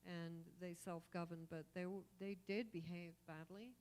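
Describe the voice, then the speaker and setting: A woman's voice: on the low side, fairly even intonation, normal speed, darkish tone, a little hiss or hum. A woman giving casual, chatty remarks at a community gathering. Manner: chatty, laughs between thoughts. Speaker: event speaker.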